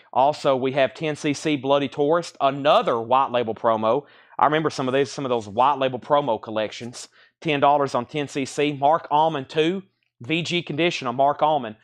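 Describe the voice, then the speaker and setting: A man's voice: on the high side, a bit bright. Chatty man selling records live. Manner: chatty, rattling off titles and prices. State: out of breath. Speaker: live sale host. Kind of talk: live-stream sales patter.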